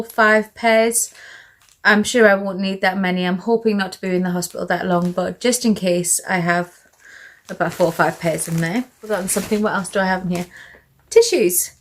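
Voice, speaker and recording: A British woman chatting through a casual show-and-tell vlog, a little out of breath, rambling with fillers and asides. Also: mid-range voice. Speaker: vlogger.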